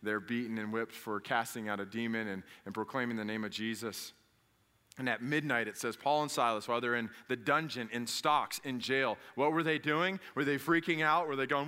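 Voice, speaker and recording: Bright-voiced man preaching with animated fervor. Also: medium pitch, brisk. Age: adult father. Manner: animated, jumps to loud emphatic peaks; talks directly to the congregation with questions. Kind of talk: conversational sermon.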